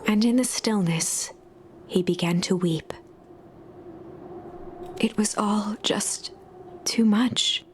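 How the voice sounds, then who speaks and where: A woman narrating a video game in a soft, even storytelling voice, sometimes dropping to a whisper. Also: mid-range voice, a little slow, a little hiss or hum, natural voice.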